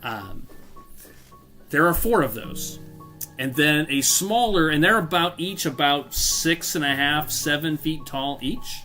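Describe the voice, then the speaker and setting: A man's voice: fairly high pitch, expressive, slow, pushed and bright, faint music behind. A man narrating a tabletop game as game master, rambling with fillers and self-corrections.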